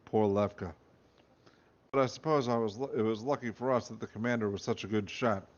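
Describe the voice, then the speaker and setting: A man with a lowish, steady voice reads his own comic book aloud and chats on a podcast, a little fast, jokey, and amused with himself. The recording is dull and lo-fi.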